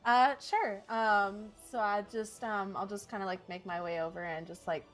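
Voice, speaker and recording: A woman's voice: medium pitch, fairly even intonation, moderate pace, a bit bright, soft background music. A woman playing a tabletop game, speaking in a hesitant, polite way with lots of fillers.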